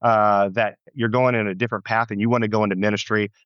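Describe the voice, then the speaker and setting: A pastor recounts his past in an interview, his voice a little low and earnest, circling back on his words as he thinks aloud. The sound is dry and close but dull, like a lo-fi recording. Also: level tone, fast, clear, resonant tone, no room sound. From United States. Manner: earnest, reflective, many restarts. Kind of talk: storytelling interview answer.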